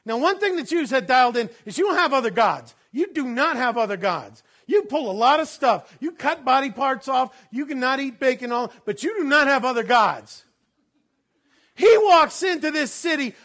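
A man with a strikingly high voice preaches a sermon to his congregation. He gets loud and laughing in his stories, then drops low and quiet to read scripture. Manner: animated preaching, swinging from loud laughing bursts to low solemn reading. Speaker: pastor.

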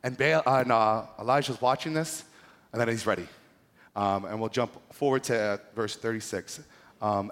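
A man's voice: fairly low pitch, normal speed, fairly bright tone. Casual joking male pastor in echoing hall. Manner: casual, joking, slangy preaching. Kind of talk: sermon. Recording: echoey hall with long reverb.

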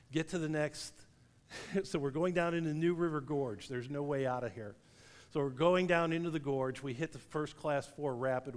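A middle-aged man preaching a sermon, telling a lively story and laughing at his own tale. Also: a little high. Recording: long reverb of a large hall.

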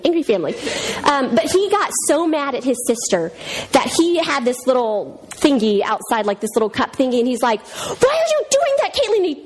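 A woman in her thirties teaching a Bible lesson in a casual, animated way, telling stories and acting out voices. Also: on the high side, breathy edge. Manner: animated storyteller, acts out voices.

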